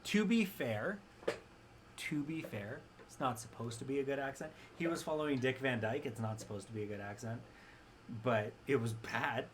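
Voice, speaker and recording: A man's voice: medium pitch, normal speed. A young man talking casually on his stream, wry and rambling, often restarting his sentences. His voice sits in an ordinary middle range. A faint hiss runs under the recording. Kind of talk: casual chat.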